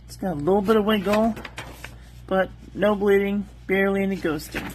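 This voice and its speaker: A woman hosting a calligraphy channel, methodically reviewing ink on one paper after another in a calm, soft-spoken voice. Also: mid-range voice, brisk, slight background noise.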